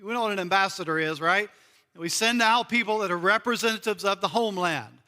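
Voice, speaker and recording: Male pastor from the US, high and bright voice, earnest sermon delivery with repeated key phrases, long hall reverb. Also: fairly quick. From United States. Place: church sanctuary.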